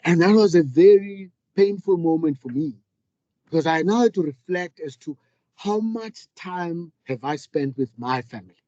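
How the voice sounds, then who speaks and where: This middle-aged man speaks with a fairly high but mellow, warm voice, telling his story in a candid, earnest way. The sound is dry and close, with a slightly dull, muffled quality. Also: lively intonation, moderate pace, dry recording. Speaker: panel speaker, business leader. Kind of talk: reflective public talk.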